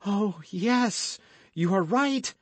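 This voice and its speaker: A man's voice: mid-range voice, lively intonation, unhurried, dry recording, voice pushed up. A man voicing an anxious, frightened young Frenchwoman in an audiobook reading, speaking urgently and pleadingly.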